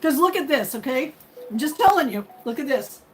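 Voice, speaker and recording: A woman's voice: sits high, sing-song, fairly quick, rough recording. Chatty, rambling woman streamer. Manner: rambling, chatty and openly emotional. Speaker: livestream host. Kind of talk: casual chat with live viewers.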